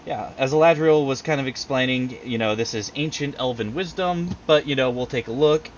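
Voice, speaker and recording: A man's voice: medium pitch, brisk, highs cut off, slight background noise. A man running a tabletop game over a video call, talking loosely with lots of fillers and laughing at himself. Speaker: game master. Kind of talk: casual tabletop game narration.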